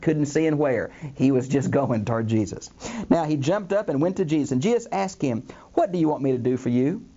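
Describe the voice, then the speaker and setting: A man's voice: mid-range voice, dull audio. An older man teaching a Bible lesson in a studio, speaking to listeners as "friends," acting out the quoted voices with a lot of "uh" fillers. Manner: animated, acts out the quoted voices, frequent "uh" fillers. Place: recording studio.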